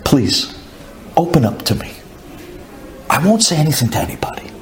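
A man's voice: a little high, sing-song, normal speed, slight background noise. A man voicing an earnest male rabbi who coaxes and pleads in a storyteller's retelling. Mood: pleading. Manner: pleading, coaxing.

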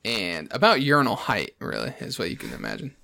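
A man's voice: lowish voice, wildly swooping pitch, a little fast, creaky, sharp tone. A man on a podcast telling a story in casual chat, swearing often and laughing as he goes. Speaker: podcast host.

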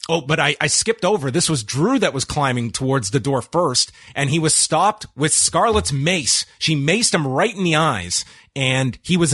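A man giving a wry, casual recap of a wrestling show, with frequent "uh" pauses. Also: fairly high pitch, a bit bright, breathy edge, no echo. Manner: dry, wry recap with hesitations.

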